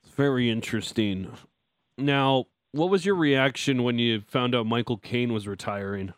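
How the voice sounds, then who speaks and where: A man's voice: medium pitch, moderate pace, clean tone, no room sound, clean studio sound. A man co-hosting a sports radio show, joking playfully with the guest. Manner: jokey, playful. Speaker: radio co-host. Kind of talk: casual sports radio chat.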